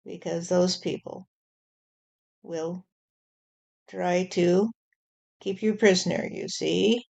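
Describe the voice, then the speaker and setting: God as a stern deity warning humanity, spoken by a woman who channels him. The delivery is very slow and measured, with a gravelly, creaky grain. The tone is dark and mellow, sitting a little low, and he keeps returning to "you see". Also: fairly even intonation, lo-fi sound, heavily acted. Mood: solemn. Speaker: spirit channeler. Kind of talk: channeled spirit message.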